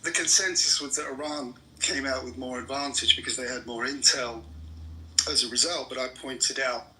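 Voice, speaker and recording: A man's voice: mid-range voice, steady tone, normal speed, bright, forceful tone, slight background noise, low-quality recording. A man in a heated political argument, furious and swearing constantly as he rants. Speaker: debate participant.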